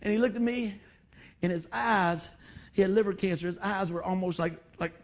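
A man's voice: high voice, steady tone, moderate pace. A middle-aged man preaching a sermon, repeating phrases and urging the congregation on. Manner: emotional, repetitive exhortation with call-and-response asides. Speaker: pastor.

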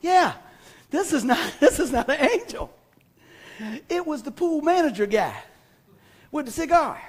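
A man's voice: high-pitched, a little slow, pauses often. A male pastor preaching to a congregation, telling a comic story he acts out and questioning the crowd, then reading scripture. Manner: animated storyteller, acts out scenes and asks the congregation. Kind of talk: sermon with a comic personal story. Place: church hall before a congregation.

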